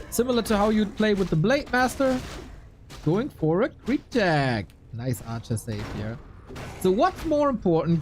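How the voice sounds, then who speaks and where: Animated man casting a strategy game. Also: high-pitched, slight background noise. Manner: lively, chatty, reacts to viewers mid-commentary. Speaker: esports caster and streamer. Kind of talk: live game commentary and chat with viewers.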